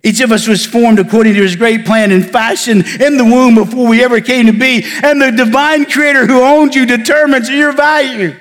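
A man pastor preaching a sermon, building emphasis and then falling to soft near-whispers. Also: extremely high pitch, fairly even intonation, normal speed, few pauses, in a large hall. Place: church sanctuary.

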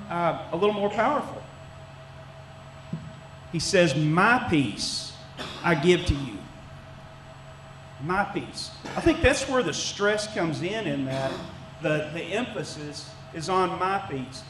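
Middle-aged man, church elder giving a sermon; chatty, high voice, echoey room with faint noise. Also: lively intonation, unhurried, long pauses. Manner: conversational, folksy, with many restarts and fillers. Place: church sanctuary.

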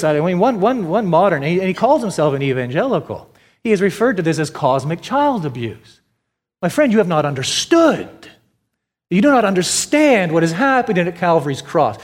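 A man preaching a sermon emphatically, repeating phrases and asking and answering his own questions, his voice swinging between loud stress and quiet drops. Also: sits high, very animated, fairly quick. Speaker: pastor. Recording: long hall reverb.

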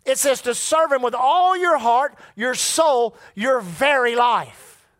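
A man's voice: extremely high pitch, lively intonation, slow, a bit bright, no room sound. A middle-aged man preaching a sermon in a folksy, repetitive way and calling out to the congregation. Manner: folksy, repeats words, calls on the congregation.

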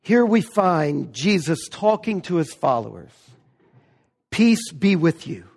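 High-voiced man preaching in a hall. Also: sing-song, gravelly, darkish tone. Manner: emphatic preaching with slow stressed words. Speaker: pastor. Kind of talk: sermon.

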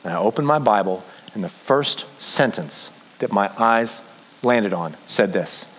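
A man preaching a sermon as a pastor, telling his story earnestly and slowing down for emphasis. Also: on the low side, animated, a bit bright, poor audio.

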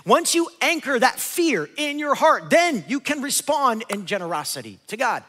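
A man preaching a sermon to his congregation as pastor, animated and acting out biblical figures in quick asides. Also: extremely high pitch. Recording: long hall reverb.

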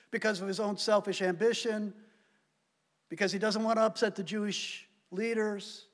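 High-voiced man preaching in a reverberant hall. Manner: emphatic preaching, swinging between loud stresses and quiet drops. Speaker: pastor. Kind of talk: sermon.

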